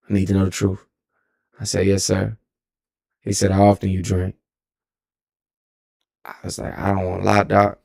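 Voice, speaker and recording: A man's voice: fairly low pitch, darkish tone. A young man in his twenties with a Texan accent, telling a story as a streamer in a rambling, profane way and often correcting himself. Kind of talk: casual storytelling.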